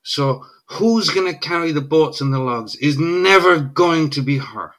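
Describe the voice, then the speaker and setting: A middle-aged man with an Irish accent talks as a podcast guest, his voice bright and forceful. He lays out his argument emphatically and keeps checking in with "right?". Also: on the high side, expressive, measured pace. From Ireland. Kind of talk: casual podcast conversation.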